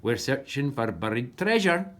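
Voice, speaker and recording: A woman's voice: extremely low pitch, big pitch swings, moderate pace, voice pushed down. A woman with a Scottish accent voicing a forgetful young boy pirate in a storybook reading. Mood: sheepish. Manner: sheepish pirate talk.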